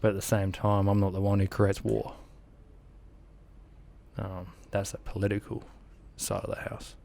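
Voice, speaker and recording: A lowish, creaky voice at normal speed, with slight background noise, belongs to an Australian army veteran in his thirties telling war stories in an interview. He brings them to life by acting out sounds and quotes, laughing as he tells them.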